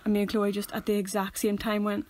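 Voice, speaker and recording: A woman's voice: mid-range voice, completely flat delivery, quick pace, a little mellow, slight background noise. A young woman, co-hosting a podcast and telling stories in casual chat. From Northern Ireland. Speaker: podcast co-host.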